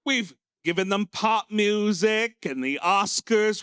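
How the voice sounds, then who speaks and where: Camp, bright-voiced man doing stand-up. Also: measured pace, hardly any pauses, clean tone, dry recording, clean studio sound. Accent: American. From United States. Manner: camp, theatrical, swooping into shrill character voices. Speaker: comedy host. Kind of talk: stand-up comedy. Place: small pub venue with live audience.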